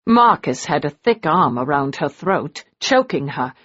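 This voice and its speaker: A woman narrating an audiobook in a slow, dramatic reading. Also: deep voice, big pitch swings, a bit bright. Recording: dull lo-fi audio.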